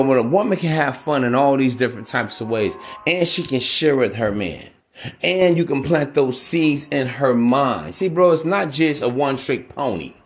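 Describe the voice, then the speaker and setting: A man hosting a podcast, giving relationship advice in a casual, profane, preachy monologue that keeps calling his listeners bro. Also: medium pitch. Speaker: podcast host.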